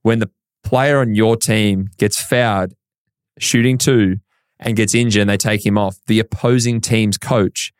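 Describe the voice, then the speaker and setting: A man's voice: on the low side, unhurried, smooth, dry recording, clean studio sound. An Australian man, a professional basketball player, telling his story as an interview guest and acting out the dialogue in it. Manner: animated storyteller who acts out quoted dialogue.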